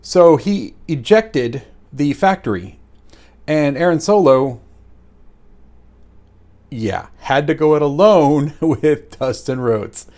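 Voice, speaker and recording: A man with a slightly high voice rambles through a casual solo review. He gets excitable and tosses in plenty of fillers as he recaps the matches. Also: slow, pauses often. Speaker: wrestling show reviewer.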